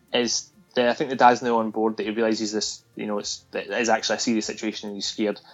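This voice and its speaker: A man's voice: mid-range voice, highs cut off. A man talking casually about a film, animatedly retelling scenes and acting out the lines.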